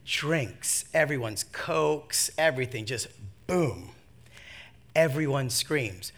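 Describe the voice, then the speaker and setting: Preaching a sermon, a man tells a funny story from his own life, laughing at himself as he swings between hushed asides and shouts. His pitch is medium and his pace slow.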